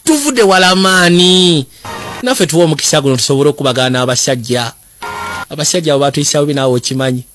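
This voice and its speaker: A man with a Ugandan accent narrating and translating a film, excited and often shouting. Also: medium pitch, racing. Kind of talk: lively voice-over commentary on a film. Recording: film soundtrack music underneath.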